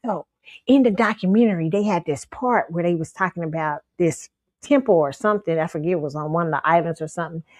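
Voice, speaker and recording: A woman's voice: fairly low pitch, fast, darkish tone, no echo. A woman hosting her own show, telling a story to viewers in an emphatic, insistent way and often repeating herself. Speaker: show host.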